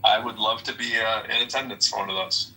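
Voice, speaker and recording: A man with a very bright, sharp tone and a slightly low pitch, chatting casually. He hesitates, stops, and repeats words as he hosts. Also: fairly even intonation, brisk, far from the mic, poor audio. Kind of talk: casual chat.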